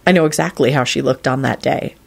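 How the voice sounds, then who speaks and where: A woman's voice: very deep voice, a little fast, vocal fry, voice pushed down, exaggerated voice. A woman voicing a weary, terse adult wizard in a read-aloud story. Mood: tense. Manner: resigned, terse.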